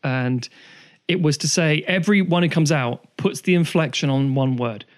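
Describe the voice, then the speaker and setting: A man chatting as a podcast co-host, his voice sitting a little high. He rambles through long tangents and swears often as he talks. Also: normal speed. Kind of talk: casual chat.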